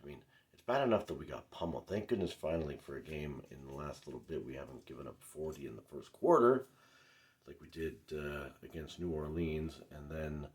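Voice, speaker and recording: A man's voice: a bass voice, a little mellow. A middle-aged man giving a casual, rambling recap of a basketball game as a frustrated fan, full of fillers and asides. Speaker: fan commentator. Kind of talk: casual sports recap vlog.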